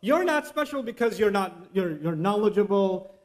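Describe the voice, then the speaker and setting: A man giving an animated religious lecture, slipping Quranic Arabic recitation into his English talk. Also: sits high, normal speed. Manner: animated, acts out inner voices and temptations. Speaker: Islamic preacher.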